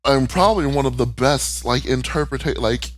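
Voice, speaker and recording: Soft music plays behind a man speaking in a medium-pitched voice at normal speed. He's co-hosting a podcast, casually recapping a cartoon in a candid, emotional way, swearing freely.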